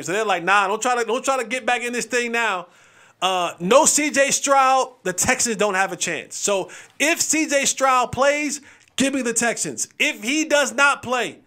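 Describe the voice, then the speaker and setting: A man with a high, bright, forceful voice hosts a sports show. He runs through his game picks in a loose, playful chat. He stacks up repeated lines to drive each pick home. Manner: animated and playful, repeats phrases for emphasis.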